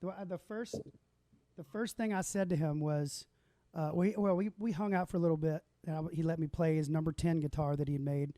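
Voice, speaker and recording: A man's voice: on the high side, fairly even intonation, fairly quick, mellow, no echo. A man hosting a casual livestream, chatting with a guest and telling stories in an easygoing way. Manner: easygoing storyteller, laughs often. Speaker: host.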